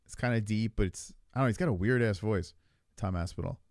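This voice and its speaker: A man co-hosting a casual podcast, talking in an animated, profane and rambling way. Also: lowish voice, fast, no room sound, studio quality. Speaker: podcast co-host. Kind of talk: casual chat about fights.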